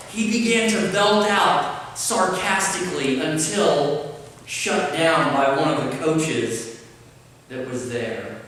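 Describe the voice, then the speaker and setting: Guy preaching slow in a church, kinda high voice, lots of echo, faint room hum. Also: fairly bright tone. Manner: slow, deliberate preaching with pauses. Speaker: pastor. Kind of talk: sermon. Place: church sanctuary. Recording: roomy church hall, mic at a distance, faint ambience.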